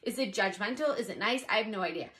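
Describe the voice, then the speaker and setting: A young pregnant woman chatting casually to camera as a vlogger, animated and exasperated in her asides. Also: mid-range voice, quick pace.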